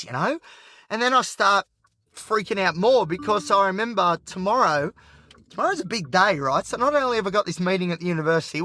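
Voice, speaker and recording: A man's voice: high voice, pushed and bright, dry recording. Australian male podcast host, agitated, rambling monologue from his car, dry close sound. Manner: rambling and frank, heavy on filler. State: agitated and anxious. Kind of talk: candid solo monologue while driving. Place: inside a car at night.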